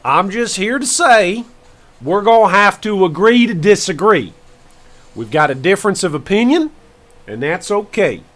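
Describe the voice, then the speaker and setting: A man's voice: high-pitched, animated, a bit bright. A man putting on a folksy old Southern farmer. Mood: rambling. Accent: put-on Southern US rural. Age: older. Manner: drawling, rambling folksy storytelling with slow emphatic pauses. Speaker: gaming streamer host in character. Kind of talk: comic character bit on a game stream.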